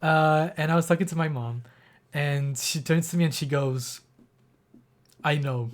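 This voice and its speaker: A man's voice: a little high, normal speed. A young man streaming live, telling a personal story in a rambling, emotional way with many fillers and restarts, close to tears. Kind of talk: casual livestream storytelling.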